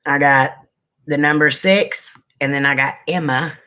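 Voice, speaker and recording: A man's voice: on the high side, fairly even intonation, measured pace, pushed and bright, smooth. A man hosting a casual livestream. He chats with viewers, greets them by name and sniffles now and then. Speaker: livestream host.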